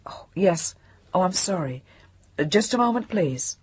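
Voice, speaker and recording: A woman's voice: fairly low pitch, expressive, measured pace, darkish tone, breathy edge, no echo, heavily acted. A woman narrator voicing a formal, businesslike female telephone operator.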